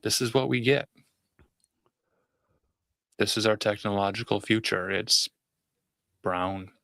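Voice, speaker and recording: A man joins a casual chat with deadpan, sarcastic remarks. His voice sits somewhat low. The recording is dry. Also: slow, no room sound.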